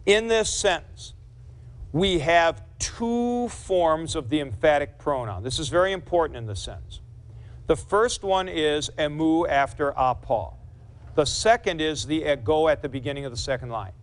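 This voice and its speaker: A man's voice: on the high side, lively intonation, normal speed. A man teaching a grammar class in a lecture, who explains carefully, repeats key points and corrects himself. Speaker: Greek teacher.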